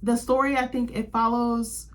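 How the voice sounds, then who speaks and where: A woman's voice: a little high, flat delivery, normal speed. A young woman hosting a casual chat show, gushing and chatty, filling her talk with "like". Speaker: host.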